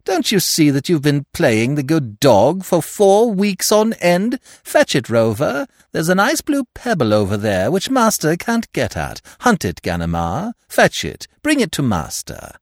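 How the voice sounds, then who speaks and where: A man reading a story aloud and voicing a sly, mocking gentleman thief with a theatrical, taunting manner. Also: on the high side, no room sound, clean studio sound, pitched above the performer's own voice, exaggerated voice.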